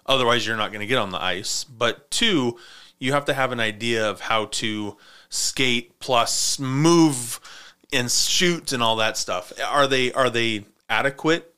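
Brief: man, casual podcast host in a small studio, smooth and bright, loose joking storyteller. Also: mid-range voice, a little slow. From Montana. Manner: joking, swears freely, rambling storyteller. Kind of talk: casual chat.

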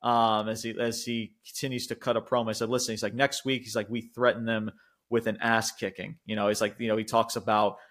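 Recapping events on a podcast he co-hosts, a young man rambles loosely, swearing, using fillers, and laughing a lot. His voice is fairly low and his pace brisk, with an animated storytelling style.

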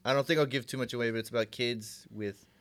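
A man co-hosting a podcast who talks in animated, swear-filled rants. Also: mid-range voice, fast, no room sound. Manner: animated, ranting, swears often. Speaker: podcast co-host. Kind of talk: casual chat.

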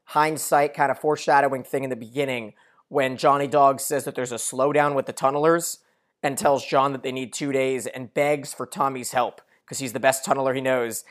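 A man's voice: medium pitch, steady tone, normal speed. Male recap podcaster, casual chat, thorough plot summaries, hesitant fillers. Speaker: podcast co-host.

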